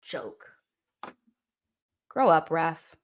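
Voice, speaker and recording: A young woman hosting a live football watchalong, reacting with exasperation and yelling at the referee and players. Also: low voice, big pitch swings, very slow, lo-fi sound, slight background noise.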